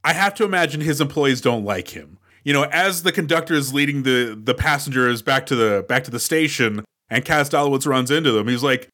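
A man co-hosting a casual movie podcast, recapping the plot in an animated way with acted quotes. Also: on the high side, a little fast. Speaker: podcast co-host.

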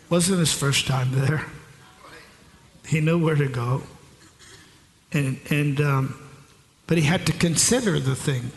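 A middle-aged male pastor preaching a sermon in a large church hall, asking the congregation rhetorical questions and answering them himself. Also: a little high. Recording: echoey hall with long reverb.

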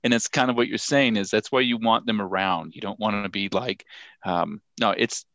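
Animated man in casual talk, dry sound. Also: normal speed, no echo. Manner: animated, acts out quoted reactions with sudden high-pitched outbursts, laughs often. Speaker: podcast co-host. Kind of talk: casual conversation.

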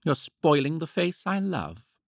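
A man voicing a gentle, affectionate young woman in a read storybook. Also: a little high, big pitch swings, measured pace, gravelly, dry recording, studio quality, voice pushed up, heavily acted. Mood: tender.

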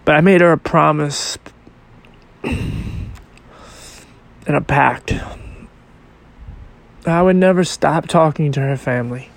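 A man hosting a podcast episode, telling a personal story in a halting, reflective and emotional way. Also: a little high, vocal fry. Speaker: podcast host.

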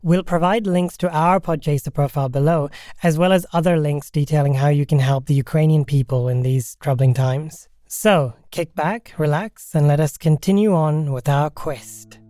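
A man running a tabletop role-playing game podcast as game master, narrating in a relaxed, chatty way. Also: on the high side, moderate pace, no room sound, clean studio sound.

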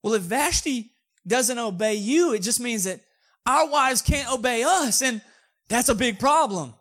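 A man's voice: very high voice, lively intonation, a little slow, fairly bright tone, pitched above the performer's own voice, full character voice. A man voicing a group of worried male nobles who complain to the king. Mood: alarmed. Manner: alarmed, complaining.

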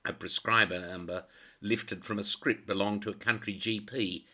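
A man's voice: fairly low pitch, fairly even intonation, normal speed, sharp tone. A man narrating a crime novel in a dry, sardonic manner. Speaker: audiobook narrator.

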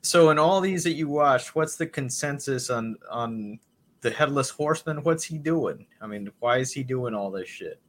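A man's voice: mid-range voice, expressive, normal speed. A man with a mid-range voice chats easily on a podcast. He asks his co-host laid-back questions. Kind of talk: casual chat.

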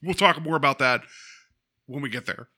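A man's voice: mid-range voice, moderate pace, pushed and bright. A man co-hosting a film podcast, talking enthusiastically in a rambling way that trails off and restarts. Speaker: podcast co-host. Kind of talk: casual film chat.

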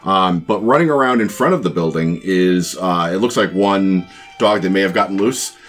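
A man's voice: deep voice, expressive, normal speed, soft background music. A man narrating a tabletop game as game master, rambling with lots of fillers and restarts.

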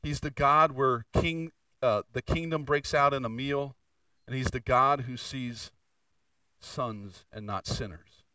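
A man preaching a sermon as pastor in a church, moving between fervent, raised passages and quieter, confessional asides. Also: medium pitch, slow, smooth, no room sound, distant mic, low-quality recording. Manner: preaching with rising intensity and candid confession. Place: church sanctuary.

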